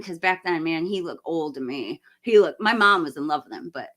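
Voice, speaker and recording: Blunt, bright-voiced woman livestream host. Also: fairly low pitch, animated, moderate pace, few pauses. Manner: blunt, opinionated, ranting with laughs. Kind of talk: casual live movie review chat.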